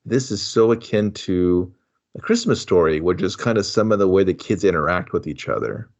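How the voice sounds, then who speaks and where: A man's voice: low-pitched, animated, normal speed, darkish tone, dull audio. A man co-hosting a movie review podcast, laid-back and laughing as he reacts to scenes. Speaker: podcast co-host. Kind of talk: casual movie review chat.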